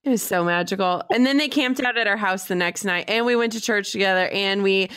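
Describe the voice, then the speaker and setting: A woman's voice: medium pitch, brisk, fairly bright tone, clear, resonant tone. A woman hosting a podcast, chatting casually and laughing along with her guest. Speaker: podcast host. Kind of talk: casual interview chat.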